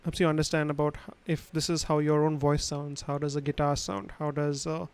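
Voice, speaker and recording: A man's voice: on the high side, steady tone, a little fast, clear, resonant tone, low-quality recording. A man teaching a livestream lesson on sound, explaining casually with many fillers and restarts, recorded at home on a studio microphone. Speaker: instructor. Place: his home room.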